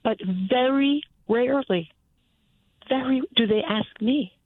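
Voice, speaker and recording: A woman calling in to a radio show and telling a personal story in an earnest, halting way, often restarting her sentences. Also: on the high side, no echo. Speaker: caller. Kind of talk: phone-in storytelling. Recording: tinny phone line.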